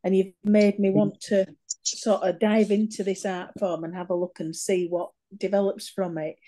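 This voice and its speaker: Mellow-voiced woman on a call. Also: medium pitch, level tone, normal speed. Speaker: poetry event participant. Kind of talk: casual video call chat.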